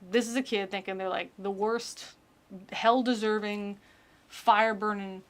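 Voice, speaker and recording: A woman's voice: mid-range voice, fairly even intonation, a little slow. A woman giving casual comedic commentary on a book. She is incredulous, profane and rambling.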